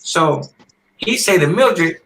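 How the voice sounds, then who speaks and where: A man in his fifties, a former boxer and podcast guest, telling animated stories in a casual interview and often clearing his throat. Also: on the high side, takes it slowly, rough recording. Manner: animated storyteller who acts out quoted voices.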